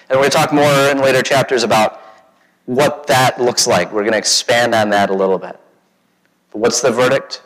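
A man's voice: on the high side, fairly bright tone. A pastor giving a conversational sermon, often asking his congregation questions and acting out quoted voices. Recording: long hall reverb.

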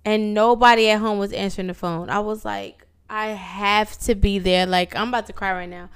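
A woman co-hosting a casual podcast chat, telling a story in an animated, excitable way and acting out quotes. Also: medium pitch, moderate pace, clean tone. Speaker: podcast co-host.

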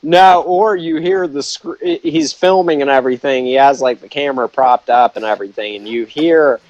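A man's voice: mid-range voice, big pitch swings, moderate pace, vocal fry, darkish tone, no echo, lo-fi sound. A man co-hosting a podcast, talking casually in crude, joking banter and laughing often. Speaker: podcast co-host. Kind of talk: casual chat.

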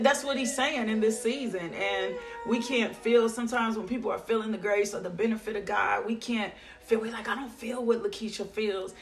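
A woman preaching a devotional sermon in a rhythmic, repetitive style with drawn-out phrases. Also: on the high side.

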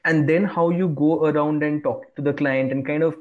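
A man's voice: on the high side, fairly even intonation, normal speed, narrow, tinny audio. A man, an illustrator and corporate trainer chatting in a casual podcast, rambling with many fillers and restarts.

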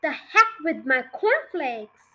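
A woman voicing an excitable middle-aged farmer father in a storybook reading, gushing and breathless, talking over everyone. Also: high-pitched, slow, heavily acted, rough recording. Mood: impatient.

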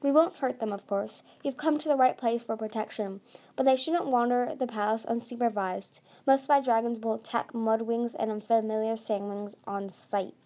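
A woman voicing a haughty, regal female sea dragon queen in a storybook reading, speaking slowly and condescendingly. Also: a little high, fairly even intonation, dark tone, lightly acted.

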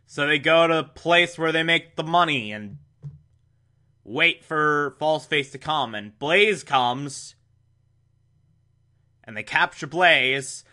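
A man with a fairly high, bright voice talks through an old TV episode at an unhurried pace. He recaps the plot with dry sarcasm and exasperation and pushes his pitch up suddenly to stress a point. It sounds like a casual review monologue. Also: lively intonation.

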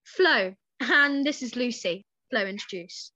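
A woman's voice: a little high, normal speed, bright, forceful tone, no echo, highs cut off. A young woman co-hosting a podcast, reading a story aloud casually and breaking off to giggle and joke.

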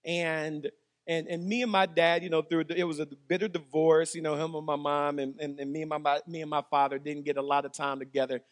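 A man, a pastor preaching and telling jokey personal stories with animated delivery. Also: a little high, a little fast. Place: church hall. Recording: long hall reverb.

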